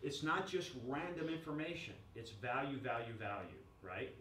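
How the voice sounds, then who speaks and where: A man giving a lively workshop presentation to a room, joking and quizzing the audience. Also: medium pitch, normal speed, slight background noise. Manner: energetic, jokey, asks the audience questions. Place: chamber of commerce meeting room. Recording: echoey room recorded from far off.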